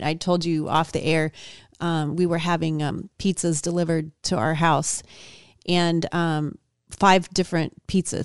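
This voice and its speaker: A woman co-hosting a talk show, chatting in a calm, reflective way with many fillers. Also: lowish voice, smooth, no echo, clean studio sound. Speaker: co-host. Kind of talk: casual reflective chat.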